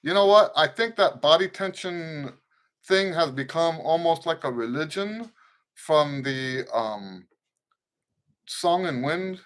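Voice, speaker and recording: A man in middle age teaches trumpet live, explaining accents in a loose, restarting way. He sings short tonguing syllables as he goes. His speaking voice sits a little high for a man. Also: lively intonation, takes it slowly, fairly bright tone. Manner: talks through points loosely, with restarts and sung syllables. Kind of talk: casual spoken lesson with playing demonstrations.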